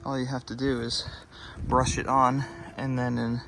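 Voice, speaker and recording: A man's voice: medium pitch, flat delivery, unhurried, gravelly. A man casually narrating his own do-it-yourself car work, rambling and thinking aloud with fillers. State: out of breath at times. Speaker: DIY car vlogger. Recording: loud background noise.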